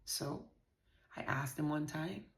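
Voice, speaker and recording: Speaking slowly in a low register, a Virgin Islands woman vlogs a frank personal story straight to camera, swearing freely as she goes. The recording has a reverberant quality.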